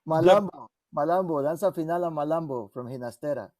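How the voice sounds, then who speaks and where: A man in the room chiming in quickly and eagerly. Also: fairly high pitch, darkish tone, no echo.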